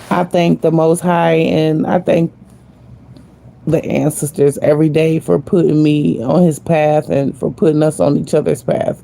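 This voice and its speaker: A woman's voice: low voice, mellow. A woman vlogger talking casually and earnestly to her viewers, repeating herself for emphasis, slangy and spiritual. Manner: emphatic, repeats phrases, addresses viewers directly. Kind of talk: casual heartfelt talk to viewers.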